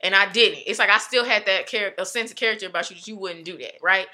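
A young woman talks casually with an emphatic, animated delivery. Her voice has a very bright, sharp edge at a middling pitch. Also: quick pace. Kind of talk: casual chat.

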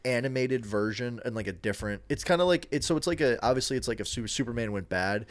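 A man's voice: mid-range voice, fast talker, dry recording. A man co-hosting a podcast in casual chat, rambling with lots of fillers and restarts. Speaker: podcast co-host.

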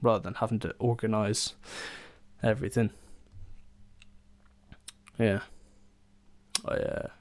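A man's voice: lowish voice, fairly even intonation, slow, pauses often, a little mellow, no room sound. A young man, hosting a solo podcast and telling rambling stories in a casual chat, full of fillers and restarts. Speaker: podcast host.

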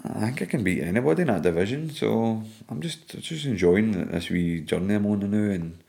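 A man's voice: on the low side, big pitch swings, a little fast, vocal fry, a little mellow. A Scottish man, an MMA fighter guesting on a podcast, chatting casually, swearing freely and laughing through his stories.

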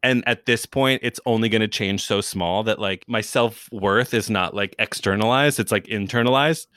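A man's voice: on the low side, moderate pace, smooth, no echo, clean studio sound. A young man from New York, a comedic video creator, chatting as a guest in an interview, full of fillers and laughter. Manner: chatty and animated, many "like" fillers and restarts, laughs often. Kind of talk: casual interview chat.

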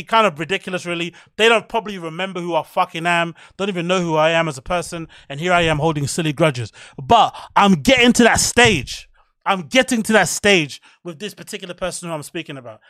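A man's voice: high voice, fairly bright tone, no room sound. A man in his thirties hosting a podcast, ranting in a heated, profane, rambling way. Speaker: podcast host. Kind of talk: solo rant podcast.

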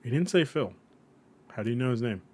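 A man's voice: mid-range voice, lively intonation, fairly quick, husky. Playful rambling man. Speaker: podcast co-host. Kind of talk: casual chat, reading a quiz aloud.

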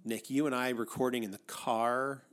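Male podcast co-host, mid pitch, rambling casual talk, dry teasing humor. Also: steady tone, normal speed. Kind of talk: casual chat.

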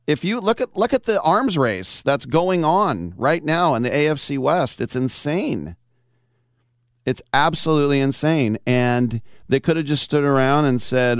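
A man's voice: medium pitch, sing-song, moderate pace, clear, resonant tone, no echo, clean studio sound. A man hosting a sports talk radio show, chatting and telling stories with frequent laughs. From Bay Area of California. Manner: chatty, storytelling, laughs often.

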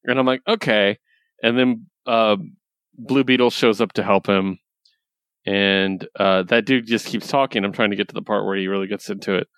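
A man's voice: on the low side, steady tone, normal speed, fairly bright tone, clear, resonant tone, dry recording, studio quality. A young man in casual chat, retelling a comic book story with lots of laughs and casual swearing. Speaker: podcast co-host reviewing comics.

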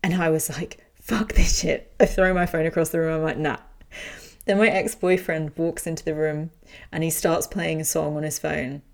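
A woman hosting a podcast, telling a personal story in frank, animated casual talk and swearing freely. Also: sits low, fairly quick, gravelly.

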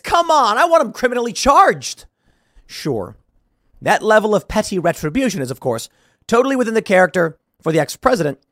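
A man's voice: on the high side, no echo, clean studio sound. A man hosting a solo political commentary show, sarcastic and combative, firing off rhetorical questions.

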